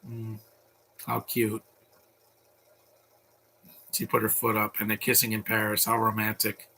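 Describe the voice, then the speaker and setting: A man's voice: fairly low pitch, monotone, measured pace, gravelly, bright, forceful tone, a little hiss or hum. A man giving live commentary while watching a cartoon, rambling and offhand, with joking asides.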